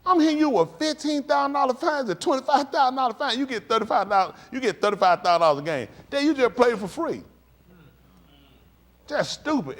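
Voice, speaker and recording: High, animated man talking to a congregation. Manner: animated, joking and acting out plays; blunt, ranting. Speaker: speaker addressing a congregation. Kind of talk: casual, animated talk to a congregation.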